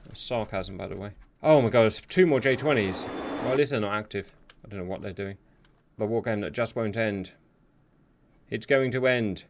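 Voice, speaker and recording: A man commentating on a simulated air and sea battle, excitable and sarcastic, talking straight to his viewers. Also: mid-range voice, moderate pace, long pauses. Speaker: war game commentator. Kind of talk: live gameplay commentary. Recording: steady hiss behind the voice.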